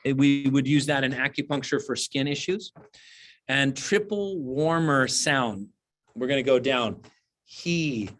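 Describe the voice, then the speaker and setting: A man who teaches qigong, giving relaxed, explanatory advice on a video call and thinking aloud as he goes. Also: mid-range voice, unhurried.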